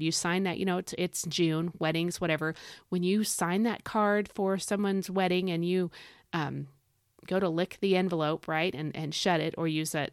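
A woman's voice: fairly low pitch, no echo, studio quality. A woman hosting a devotional podcast, reading a psalm and teaching from it in an earnest, conversational way, repeating key phrases for emphasis and speaking straight to the listener.

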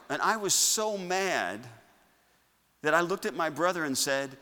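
Bright-voiced preacher man, echoing church. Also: fairly high pitch, expressive, measured pace. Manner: preacherly, swings between loud declarations and quiet asides. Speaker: pastor. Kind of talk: sermon. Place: church sanctuary. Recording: long reverb of a church hall.

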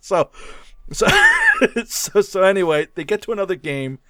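A man co-hosting a relaxed film-review podcast, chatting and laughing easily between points. His voice sits a little high and comes through smooth and resonant. The recording is close and dry, with no room sound. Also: measured pace, dry recording. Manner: laughs often, giggly and playful. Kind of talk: casual chat.

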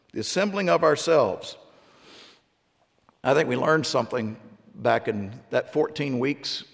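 A man's voice: mid-range voice, creaky, in a large hall. A middle-aged man preaching a sermon as a pastor, asking his congregation one rhetorical question after another.

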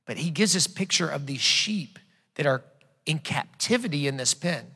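A man's voice: on the high side, lively intonation, normal speed, sharp tone, husky. A man preaching a sermon as a pastor, retelling a story conversationally with frequent restarts. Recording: long hall reverb.

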